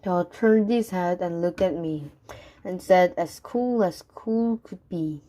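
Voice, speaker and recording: Woman narrator for a rhyming storybook, low voice, very slow and measured. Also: dark tone. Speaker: reader. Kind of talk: reading a rhyming story aloud.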